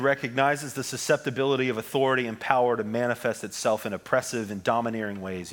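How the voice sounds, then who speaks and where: Between the points of his sermon, this male pastor drops in ums and little asides, keeping the tone easygoing and conversational. His pitch is an everyday middle, and his words trail off into a long hall echo.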